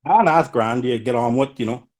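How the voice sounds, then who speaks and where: An Irishman with a Donegal accent, talking casually on a call-in line. He rambles in an easygoing way and drops "you know" into nearly every sentence. His voice sits at an ordinary middle pitch for a man. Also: brisk, slight background noise. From Ireland. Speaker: caller.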